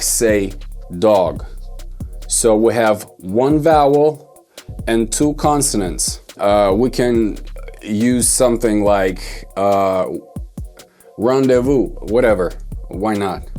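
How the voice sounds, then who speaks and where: A man's voice: fairly low pitch, slow, pauses often, darkish tone, faint music behind. A man teaching songwriting in a loose, rambling way, correcting himself and thinking aloud as he goes. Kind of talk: loose explanatory lesson.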